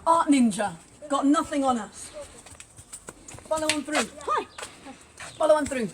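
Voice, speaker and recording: A Welsh woman hosting a church craft session, chatting playfully and joking at her own expense as she works. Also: high voice. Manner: chatty and playful, laughs at herself. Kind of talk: casual craft demonstration. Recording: noisy room with hammering behind. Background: hammering noise.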